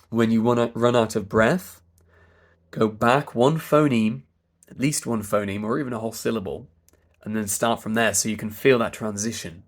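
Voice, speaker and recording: A man with a British RP accent and a stuffy nose, coaching pronunciation by stretching vowel sounds very slowly. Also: medium pitch, fairly even intonation. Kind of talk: slow demonstration of vowel sounds.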